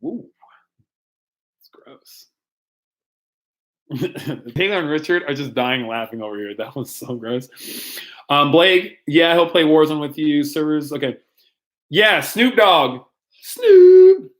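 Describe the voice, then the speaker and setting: A man's voice: on the high side, animated, measured pace, a bit bright. A young man, a youth pastor, casually answering viewer questions in a playful, rambling way with frequent laughs and ums. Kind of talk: casual live-stream Q&A.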